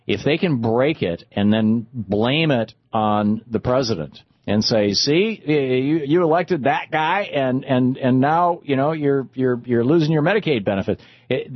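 A man's voice: lowish voice, breathy edge, dry recording. A man hosting a political talk radio show, talking in a casual, stammering way with many restarts. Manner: stammering, restarts, animated asides. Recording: slightly dull broadcast audio.

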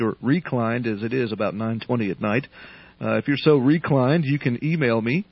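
A man's voice: mid-range voice, slightly rough, dry recording. Chatty male radio talk host. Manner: relaxed, chatty, punning, many restarts. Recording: dull lo-fi radio broadcast.

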